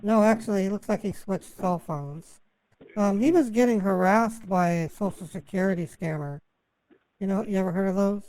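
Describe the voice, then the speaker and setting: A woman on a phone call, rambling through a long story and halting often, stammering and restarting her sentences with many fillers. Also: medium pitch, warm tone. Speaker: scambaiter posing as a victim.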